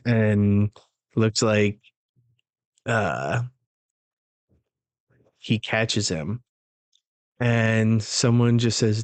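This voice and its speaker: Slow-talking casual male reaction host. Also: lowish voice, no echo. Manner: casual slang, laughing between remarks. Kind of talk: casual live reaction, reading aloud.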